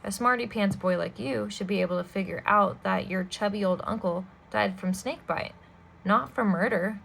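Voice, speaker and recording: A woman's voice: medium pitch, moderate pace, creaky, a bit bright, a little hiss or hum, rough recording. A woman reading aloud and voicing a sinister, scheming adult male villain with a sneering, menacing manner. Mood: mocking. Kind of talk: storybook read-aloud.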